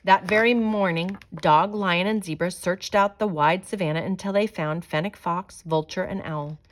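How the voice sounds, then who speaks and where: Gentle woman reading a picture book aloud. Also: fairly low pitch, normal speed. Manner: gentle, expressive storytelling. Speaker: storybook reader. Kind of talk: children's read-aloud narration.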